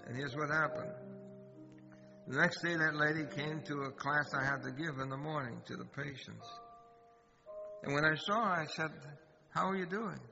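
A man's voice: on the high side, normal speed, creaky, pauses often. A man who is a pastor, telling a personal story in a sermon and asking his listeners questions. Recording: long hall reverb, dull sound, guitar music behind. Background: guitar music.

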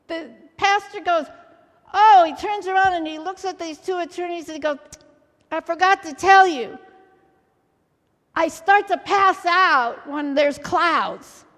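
A woman preaching a sermon as a story, acting out the quoted voices and building to loud exhortation. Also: high voice. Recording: long hall reverb.

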